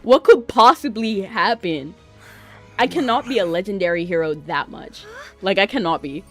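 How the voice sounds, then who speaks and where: A woman streaming a game, chatting excitably and laughing often as she reacts to it. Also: medium pitch, moderate pace, soft background music. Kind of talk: casual gameplay commentary.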